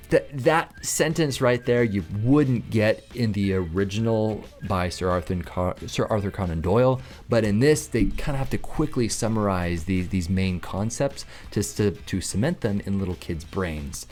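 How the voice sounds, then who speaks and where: A man's voice: on the low side, unhurried, darkish tone, soft background music. A man in his thirties giving an enthusiastic, chatty book review as a parent who reads aloud to his kids. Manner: enthusiastic, chatty, some restarts.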